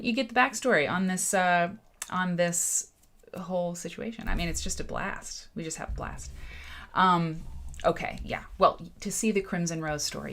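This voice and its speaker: A woman hosting a quilting show, talking casually and animatedly to her viewers, often restarting sentences and acting out bits of dialogue. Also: lowish voice. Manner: chatty and animated, with many restarts and asides to viewers. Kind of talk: casual live-stream chat.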